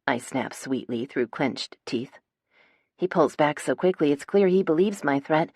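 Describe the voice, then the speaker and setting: A woman's voice: deep voice, lively intonation, unhurried, a little mellow, slightly rough, no echo. A woman narrating a first-person romance audiobook in a wry, dramatic storytelling manner, on a close studio mic.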